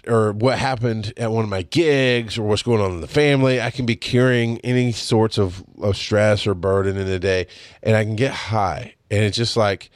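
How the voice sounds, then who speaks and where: A man's voice: on the low side, no room sound, studio quality. A man hosting a podcast, talking in a candid, rambling monologue full of restarts. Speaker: podcast host. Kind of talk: casual solo monologue.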